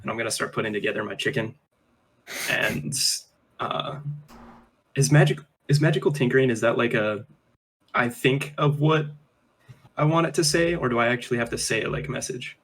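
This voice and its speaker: A man's voice: mid-range voice, normal speed, long pauses, a bit bright, husky. A man playing a tabletop game, chatting casually with a rambling, filler-heavy way of talking. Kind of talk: casual chat.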